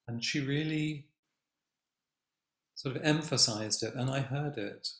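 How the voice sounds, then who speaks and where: An older man gives a Zen dharma talk in a calm, measured way, leaving long pauses between his thoughts. His voice sits at an ordinary pitch and moves very slowly. The room around him rings with echo, as in a meditation hall. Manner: slow, reflective, gentle, with long pauses. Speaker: Zen teacher. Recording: echoey room.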